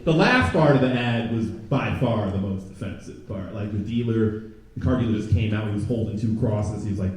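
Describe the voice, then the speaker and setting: A young man performing a stand-up comedy set, chatting with the crowd and jumping into loud mocking voices. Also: medium pitch, expressive, fairly quick. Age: young adult. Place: comedy club stage before a live audience. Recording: very echoey room, from a distance.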